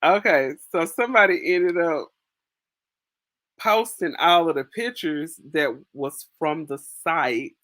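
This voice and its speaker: A woman's voice: deep voice, takes it slowly, a bit bright, no echo, clean studio sound. A young woman hosts a casual livestream, chatting to viewers, reading their comments aloud and laughing often with slangy asides. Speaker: livestream host. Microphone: phone.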